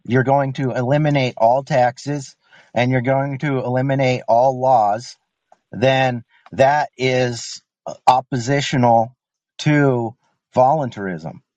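A man calling in to a podcast debate, talking haltingly and filling his sentences with "um" and "like". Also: mid-range voice, darkish tone, no room sound. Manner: hesitant, halting, lots of "um" and "like". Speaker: caller.

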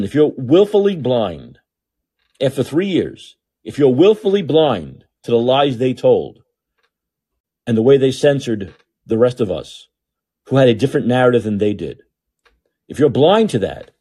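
Male podcast host, husky and mellow, lively sarcastic monologue with loud peaks and mumbled asides. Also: medium pitch. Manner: sarcastic, animated, swings from loud outbursts to muttering asides. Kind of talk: opinionated monologue. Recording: talking alone at home.

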